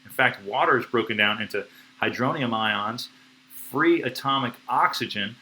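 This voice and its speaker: A man teaching biology on a live stream, excitable and slangy, with playful sound effects. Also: mid-range voice, moderate pace, a little hiss or hum, poor audio. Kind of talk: enthusiastic live-streamed lecture.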